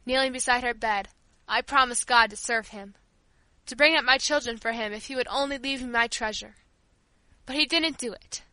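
Devoted elderly servant woman in a storybook, tender and earnest, high bright voice, read by a woman. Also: normal speed, dry recording, low-quality recording. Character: kindly old female family servant, devoted.

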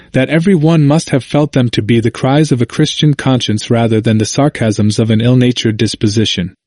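Measured male audiobook narrator, dry sound. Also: medium pitch, a little mellow, no room sound. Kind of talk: scripted narration of a history book.

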